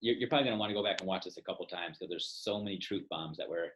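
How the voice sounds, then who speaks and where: A man's voice: low-pitched, rapid-fire, a bit bright. A man hosting an education podcast, enthusiastic and affirming, with a playful streak. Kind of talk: casual interview chat.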